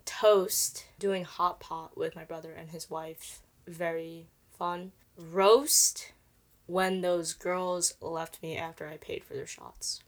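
A woman's voice: on the low side, flat delivery, slow. Dry-voiced young woman podcast co-host. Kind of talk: casual podcast chat.

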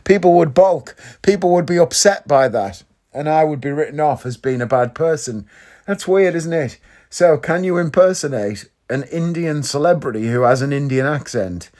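A man's voice: medium pitch, a little mellow. Male vlogger, Northeast English origin, mid-range voice, loose chatty delivery full of tag questions. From Northeast England. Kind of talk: casual vlog monologue.

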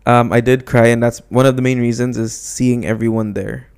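A young man talking in a relaxed, rambling way, full of "like" and little asides. His voice is smooth and resonant, and he pokes fun at himself as he goes. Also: mid-range voice, normal speed. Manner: rambling, filler-heavy, self-deprecating. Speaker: podcast co-host, newlywed husband. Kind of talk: casual chat.

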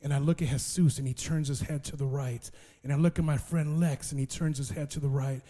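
A man preaching, telling his testimony as a lively story and restarting with repeated words. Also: mid-range voice, a little fast. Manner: lively storyteller who acts out other people's voices.

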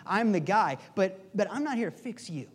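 Man preacher doing a calm male teacher, earnest and direct, high voice, in a sermon. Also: moderate pace.

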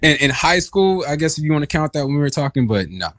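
A man's voice: on the high side, sing-song, fast, fairly bright tone, no room sound. A young man casually telling a personal story on a podcast, meandering and laid-back with many fillers. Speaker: guest telling his story.

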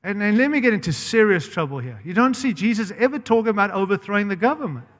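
High-voiced American preacher in a reverberant hall. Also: male voice, lively intonation, fast. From United States. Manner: impassioned, blunt and direct, often breaking off mid-phrase. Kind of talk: sermon.

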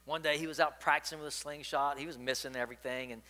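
A man's voice: fairly high pitch, fairly even intonation, fast talker, pushed and bright. A man preaching a sermon, emphatic and repetitive, telling stories and praying with his listeners. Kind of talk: sermon with storytelling.

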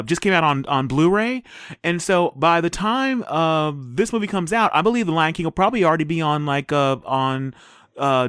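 An American man hosting a casual movie review chat, animated and quick to jump in. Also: a little high, clear, resonant tone, no echo, clean studio sound.

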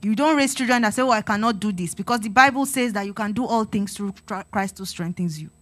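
A woman's voice: medium pitch, a little fast. A woman giving a sermon-style talk to a congregation, earnest and exhorting, repeating her phrases and acting out talks with her children. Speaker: church speaker on parenting.

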